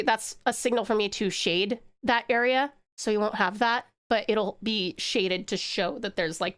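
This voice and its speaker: A woman's voice: a little high, fairly bright tone. A woman from Tasmania chatting casually with her viewers on a livestream while she draws, rambling and talking straight to the chat. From Tasmania, Australia. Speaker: livestreamer and artist.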